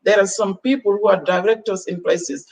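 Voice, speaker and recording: A woman's voice: mid-range voice, fairly even intonation, moderate pace, darkish tone. A woman giving earnest, preachy advice as a talk-show panel guest, acting out quoted exchanges. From Gambia. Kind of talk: motivational talk show chat. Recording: distant mic with faint background noise.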